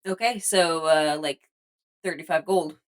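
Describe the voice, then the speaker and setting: A woman's voice: deep voice, measured pace. A woman playing a tabletop game, chatty and playful with the table. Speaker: player. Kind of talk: casual tabletop play.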